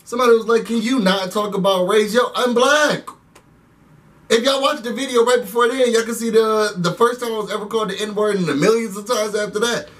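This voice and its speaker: A high-pitched man rants casually through a reality TV recap. He is animated and keeps calling his viewers y'all. His voice sits a little back from the microphone. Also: brisk, recorded from a distance. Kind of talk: casual recap rant to camera.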